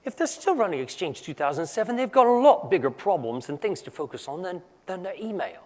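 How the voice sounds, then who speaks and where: A man's voice: sits high, big pitch swings, brisk, in a large hall, pitched above the performer's own voice. A man voicing his British male colleague in an imitated British accent, blunt and wry. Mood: dry advice.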